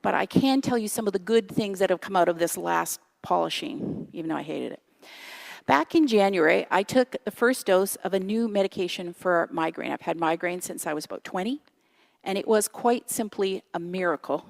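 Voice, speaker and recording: Speaking at a moderate pace with a medium-pitched, gravelly voice, this guest speaker from Canada, a woman in her fifties, preaches in a church sanctuary. Her sermon is conversational and chatty, she pokes fun at herself, and she frequently asks the congregation questions.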